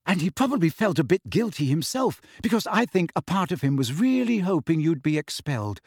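A man's voice: on the high side, sing-song, fairly quick, darkish tone, husky, no echo, pitched above the performer's own voice, exaggerated voice. A man voicing a clever teenage girl who talks sternly and matter-of-factly. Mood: earnest. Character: earnest clever teenage girl, firm and sensible.

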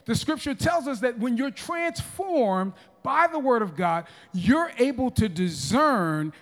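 High-voiced preacher in a reverberant hall. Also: male voice, animated, unhurried, fairly bright tone. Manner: emphatic preaching with repeated restarts and audience calls. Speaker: pastor. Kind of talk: sermon. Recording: long reverb of a large hall.

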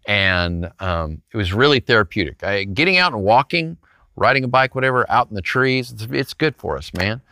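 A male pastor delivers a conversational sermon in a fairly low, clear, resonant voice at a moderate pace, recorded with clean studio sound and no room sound. Animated, he tells a personal story and often speaks straight to his listeners with a rhetorical "right?".

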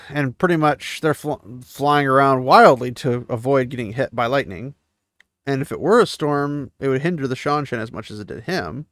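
A man's voice: medium pitch, no room sound, clean studio sound. A man giving a casual chapter recap, paraphrasing the story and breaking in with offhand asides. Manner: paraphrases the text, mixing reading with offhand asides. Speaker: book series recap host.

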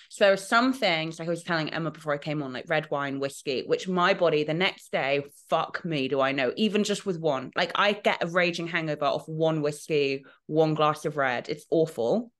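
A woman chatting on a podcast with a slightly low voice. She laughs often and swears freely, keeping the talk loose and unguarded. Her delivery is easygoing and conversational. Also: a bit bright. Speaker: podcast co-host. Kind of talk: casual podcast chat.

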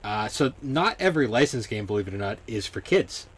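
A young man co-hosts a casual gaming podcast, chatting loosely, laughing often and using lots of fillers. His husky voice is on the low side, very animated and fairly quick.

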